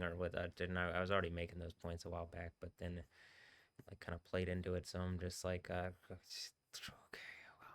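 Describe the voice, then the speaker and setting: A man's voice: low voice, vocal fry, sharp tone, smooth. A man hosting a live stream, rambling casually with many fillers and bursts of laughter.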